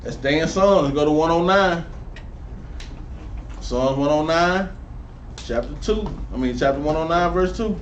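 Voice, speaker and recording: High-voiced street preacher, distant and roomy. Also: male voice, moderate pace, long pauses, muffled recording. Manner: preachy, animated, sidewalk slang, rising to near-shouts. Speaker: street preacher teaching a class. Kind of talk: street Bible teaching. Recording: roomy, distant mic with faint noise.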